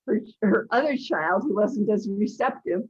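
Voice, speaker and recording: A woman's voice: mid-range voice, lively intonation, moderate pace, husky, lo-fi sound. An older woman teacher speaking earnestly, full of wonder, over a video call. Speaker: guest, energy teacher. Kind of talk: video interview.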